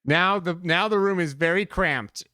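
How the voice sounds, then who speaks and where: A game master narrating a tabletop game on a live stream, halting and restarting often. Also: mid-range voice, sharp tone, no room sound, studio quality. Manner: halting, with many restarts and laughs.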